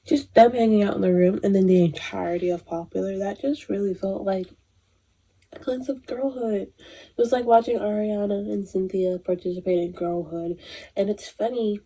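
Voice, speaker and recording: A woman in her twenties giving a casual, animated movie review, emotional and swearing freely. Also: mid-range voice, moderate pace. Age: 20s. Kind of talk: casual chat.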